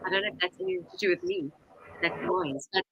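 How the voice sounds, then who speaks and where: A woman telling a story in a casual talk, lively and animated, swearing freely and acting out what people said. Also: lowish voice, fast, breathy edge, dull audio. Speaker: guest, Enneagram teacher.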